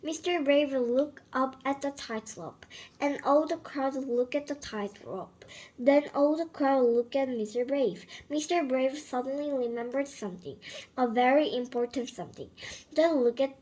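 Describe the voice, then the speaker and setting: High-voiced woman slowly reading a children's story. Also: a little mellow, rough recording. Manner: halting, with frequent slips and restarts. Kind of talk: reading a children's picture book aloud.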